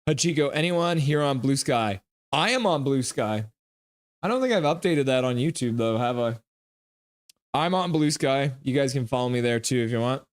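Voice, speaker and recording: A man's voice: mid-range voice, animated, normal speed, no room sound. Man joking through a live game stream. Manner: jokey, teasing, reads chat messages aloud. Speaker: streamer reading live chat. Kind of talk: casual live game reaction.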